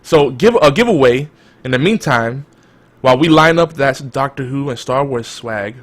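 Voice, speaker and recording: A man's voice: medium pitch, lively intonation, normal speed. A man hosting a podcast, chatting casually and laughing often, with lots of restarts as he reads the live chat. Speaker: podcast host.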